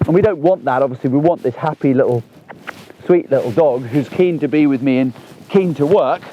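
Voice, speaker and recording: A man, talking through a gun dog training session outdoors on a lawn, chatty and animated. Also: mid-range voice, brisk, dull audio, a little hiss or hum. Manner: chatty and animated, bursts into excited exclamations.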